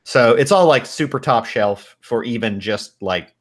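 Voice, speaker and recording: A man narrating a tabletop horror game as game master, relaxed and rambling with many pauses and ums. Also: medium pitch.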